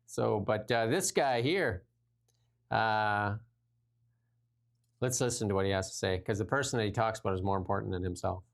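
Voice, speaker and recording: Blunt, animated talk show host man. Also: fairly low pitch, moderate pace, vocal fry, pauses often. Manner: animated, blunt, laughs often. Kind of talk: casual political talk show chat.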